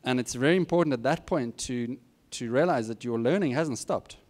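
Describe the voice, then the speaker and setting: A man's voice: mid-range voice, moderate pace, darkish tone. A middle-aged man giving students candid, plain-spoken career advice with self-deprecating asides. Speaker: guest speaker. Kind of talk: informal advice talk to students.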